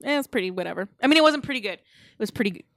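A woman co-hosting a podcast, chatting casually with friends, swearing, laughing and acting out characters in quick quotes. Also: mid-range voice, animated, no echo, clean studio sound. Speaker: podcast co-host. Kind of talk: casual chat.

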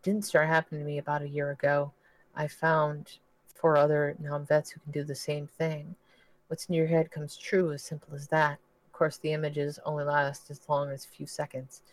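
A man voicing a haunted male war veteran who sees visions, speaking in a hushed, desperate way. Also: on the high side, completely flat delivery, moderate pace, no echo, close to an everyday voice, poor audio. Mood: brooding.

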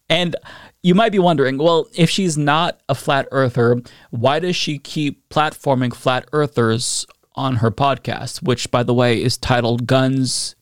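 A man's voice: medium pitch, dry recording, studio quality. A man hosting a political commentary show, speaking in a sarcastic way.

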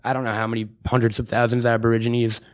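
A man's voice: mid-range voice, flat delivery, very fast. A young man co-hosting a podcast, rambling and mocking in crude, swear-filled comic chat. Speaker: podcast co-host.

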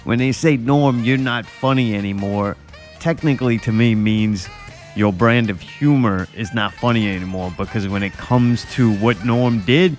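A man's voice: fairly low pitch, moderate pace, soft background music. A man hosting a casual podcast chat, blunt and profane, teasing his co-hosts. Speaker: podcast host.

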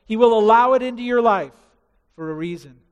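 A man preaching a sermon with passion, building to loud rising emphasis and dropping to hushed asides. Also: very high voice, a little fast, clean tone, big-room sound, highs cut off. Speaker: pastor.

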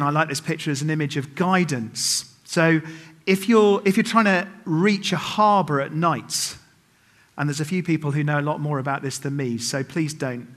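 A man's voice: a little high, fairly bright tone. A middle-aged man preaching a sermon at a church service, telling stories with humor and making self-mocking asides to the congregation. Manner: humorous storytelling with acted quotes.

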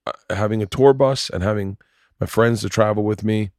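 A man's voice: on the low side, normal speed, a little mellow, no echo, clean studio sound. A man hosting a casual podcast, talking in an earnest, rambling way and repeating himself. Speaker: podcast host and touring comedian.

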